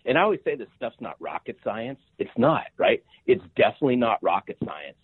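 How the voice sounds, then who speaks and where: A man in his fifties, a sales author appearing as a podcast guest, speaks in energetic interview style with a medium-pitched voice that swings widely in pitch, a slightly quick pace, and a breathy edge. He's emphatic, repeats words, and keeps asking "right?" The audio has no room sound but comes through tinny, like a phone line.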